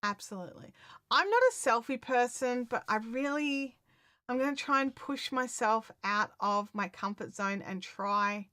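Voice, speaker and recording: A woman chatting casually to her viewers on a live stream, excitable and full of fillers and restarts. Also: medium pitch, no echo. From Australia.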